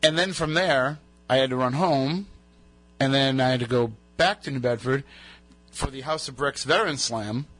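Chatty New radio host. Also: male voice, mid-range voice, normal speed, a bit bright. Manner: chatty, rambling storyteller. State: recovering from a lost voice. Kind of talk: casual radio banter.

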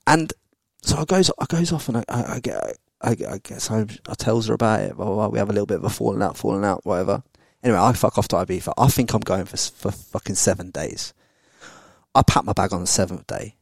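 Man in his thirties, low voice, sweary and blunt, podcast guest storyteller, dry close sound. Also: fast talker, vocal fry, dry recording. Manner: blunt and sweary, with frequent tag questions. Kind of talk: candid storytelling.

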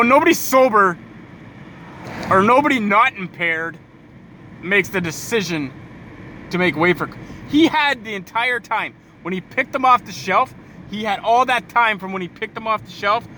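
A tired young man rants furiously and swears through a comic tirade, recorded in his car at night. His voice sits high and comes out bright and sharp. Faint road noise hums behind him. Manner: profane, exasperated ranting. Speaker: podcast host. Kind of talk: angry comic rant.

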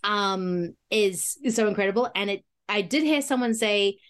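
A woman chatting excitedly about movies, laughing often and tossing in quick asides. Her voice sits at an ordinary middle pitch. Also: clean tone. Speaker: podcast co-host. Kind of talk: casual movie chat.

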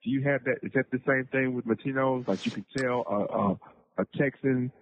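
A man's voice: mid-range voice, fairly even intonation, moderate pace, slight background noise. Man from Africa on a tinny phone line. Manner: emphatic, repetitive, searching for words. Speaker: podcast host. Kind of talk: casual interview conversation.

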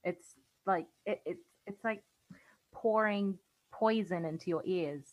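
A woman's voice: lowish voice, takes it slowly, rough recording. An Australian woman in casual podcast chat, chatty and often laughing, trailing off mid-thought. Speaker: podcast co-host.

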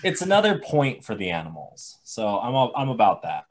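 Lively-voiced man hosting a podcast. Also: fairly low pitch, normal speed. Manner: teasing, asks questions, laughs often. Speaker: podcast host. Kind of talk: casual chat.

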